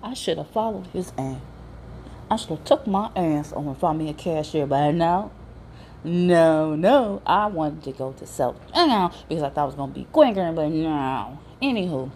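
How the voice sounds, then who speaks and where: A woman telling a casual storytime on her podcast, animated and slangy, laughing and incredulous as she goes. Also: deep voice, normal speed, slight background noise.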